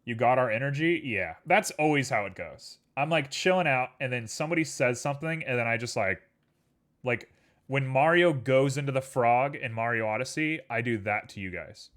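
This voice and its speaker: A man's voice: mid-range voice, lively intonation, normal speed, fairly bright tone. A man streaming live, chatting casually with his viewers in a playful, joking way while he works. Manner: playful, jokey, rambling asides to chat. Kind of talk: casual chat while working.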